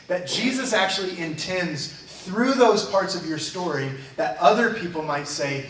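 A man's voice: sits high, lively intonation, normal speed, hardly any pauses, a bit bright, far from the mic, slight background noise. Earnest man preaching in a roomy church. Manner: earnest, conversational, plain-spoken. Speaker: pastor. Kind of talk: sermon. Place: church sanctuary.

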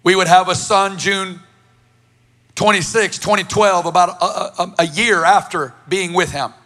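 Bright, high-voiced emphatic male preacher. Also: steady tone, a little slow. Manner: emphatic, builds to passionate lists. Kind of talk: sermon storytelling.

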